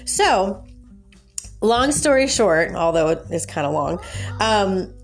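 A woman casually telling her viewers a story, her voice jumping up in pitch and breaking into laughs as she relives the outrage. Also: measured pace, gravelly, faint music behind. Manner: animated, jumps high in pitch when retelling her outrage, laughs often. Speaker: vlogger.

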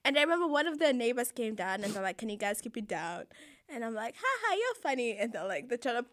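Young woman, high voice, animated storyteller who laughs a lot and mimics others. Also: fast talker, no echo, clean studio sound. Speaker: guest telling a story. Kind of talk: casual chat.

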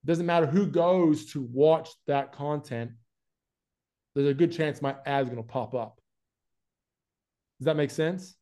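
This young guest from Florida, a YouTube advertising specialist, has a fairly high voice and talks a little slowly, leaving long pauses. His casual, chatty interview manner comes with an American-Australian accent and plenty of "man" and "like."

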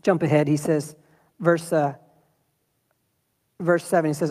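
A man preaching a sermon in a church, talking in a lively, conversational way and throwing rhetorical questions at the congregation. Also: a little high, unhurried, long pauses, long reverb tail. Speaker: pastor.

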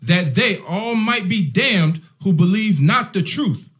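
High, lively man reading scripture. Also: takes it slowly. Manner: reads verses aloud steadily. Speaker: scripture reader.

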